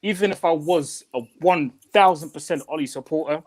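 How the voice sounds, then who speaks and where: Higher-voiced man hosting a panel. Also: brisk. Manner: earnest, hands the floor to others. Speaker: host. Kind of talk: casual panel chat.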